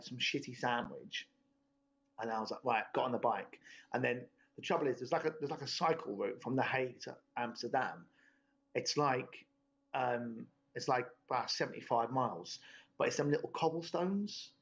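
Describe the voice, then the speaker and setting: A man's voice: mid-range voice, gravelly. A young man, telling a rambling, sweary story in laddish podcast chat. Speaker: podcast host. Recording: dull lo-fi podcast audio.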